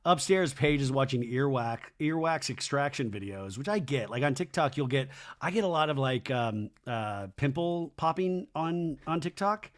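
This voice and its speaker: Man doing a crude, animated TV recap. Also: moderate pace, few pauses. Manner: animated, jumps into high mocking voices when quoting people; crude, sarcastic asides. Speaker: podcast host. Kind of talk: comedic reality TV recap.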